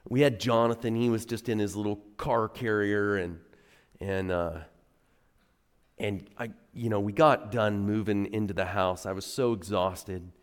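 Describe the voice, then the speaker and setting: In a church sanctuary with the long reverb of a church hall, a middle-aged pastor preaches a sermon in a fairly low, clear, resonant voice at an unhurried pace. He tells stories conversationally, leaning hard on key words with animated emphasis.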